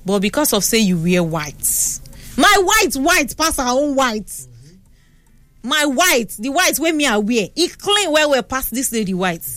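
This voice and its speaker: A young Nigerian woman hosting a radio talk show, chatting and telling stories in an animated way on a studio mic. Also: high-pitched, measured pace, dry recording, soft background music. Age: young adult. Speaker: radio host. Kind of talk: casual radio talk and storytelling. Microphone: studio microphone.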